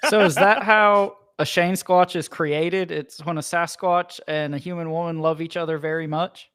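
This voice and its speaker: A man's voice: fairly high pitch, fairly even intonation, normal speed, fairly bright tone, clean tone. A man co-hosting a casual podcast, making dry, wry quips. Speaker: podcast co-host. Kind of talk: casual comedic chat.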